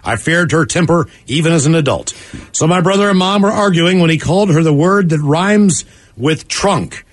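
A radio show host reading listener emails aloud on air, with lively conversational asides. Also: male voice, on the high side, moderate pace.

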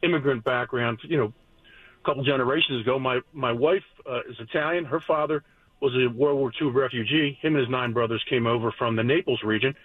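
Male call-in listener, fast and earnest, phone-line sound. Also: medium pitch, breathy edge, dry recording. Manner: earnest, stumbling restarts. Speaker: caller. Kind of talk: call-in talk.

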